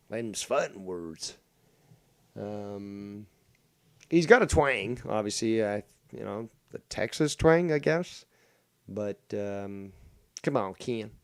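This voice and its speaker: A man's voice: on the low side, vocal fry, a little mellow, no echo. A man hosting his own live stream, rambling in a profane, mocking way with many fillers and restarts. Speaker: livestream host. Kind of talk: casual live-stream rant.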